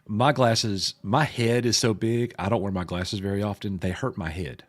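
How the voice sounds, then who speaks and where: A man co-hosting a casual pop culture live stream, joking with chat, his voice a bit gruff and hoarse. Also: on the low side, steady tone, normal speed. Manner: joking, addresses chat viewers by name. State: sounds slightly sick.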